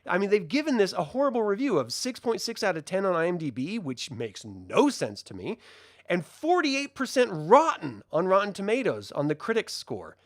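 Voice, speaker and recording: A male reviewer talks through a film with real passion, and his voice swings widely up and down as he gets into it. His pitch sits a little higher than most men's. The sound is dry and close, with no room echo. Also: normal speed. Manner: animated and passionate, with frequent fillers. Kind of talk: casual spoken film review answering viewer questions.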